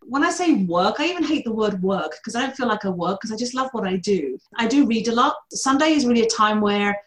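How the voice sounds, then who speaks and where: A middle-aged woman with a distinct accent talks bluntly and with energy about her work, laughing at her own jokes. Her voice sits a little high for a woman. The sound is roomy, with echo around her. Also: animated, fairly quick. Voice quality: distinct accent noted by hosts. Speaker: mortgage broker guest. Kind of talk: casual podcast interview.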